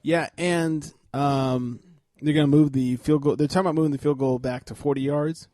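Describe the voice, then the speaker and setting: Guy hosting a sports comedy podcast, kinda high voice, dry close mic, loose and jokey. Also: fairly even intonation, moderate pace, warm tone, no echo. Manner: loose, joking, plugs with filler words. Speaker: podcast host. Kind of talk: casual sports comedy chat.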